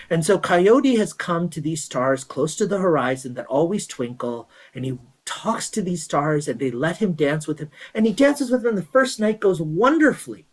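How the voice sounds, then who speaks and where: A man's voice: a little high, lively intonation, normal speed, few pauses, rough recording. Man, guest astronomy presenter; chatty, enthusiastic explainer and storyteller. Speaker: guest speaker at an astronomy event.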